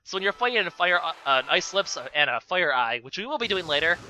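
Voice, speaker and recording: Young guy rambling over a game, kinda high bright voice, sarcastic, faint music behind. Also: sing-song, quick pace, slight background noise. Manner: rambling, sarcastic asides, lots of fillers. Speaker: let's play commentator. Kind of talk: casual gameplay commentary.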